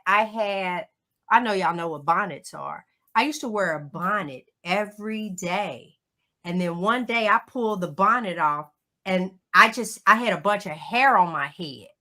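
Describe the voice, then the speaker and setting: A middle-aged woman, a guest on a livestream call, telling a personal story in an emotional, animated way. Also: mid-range voice. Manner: emotional, animated storytelling with Southern turns of phrase.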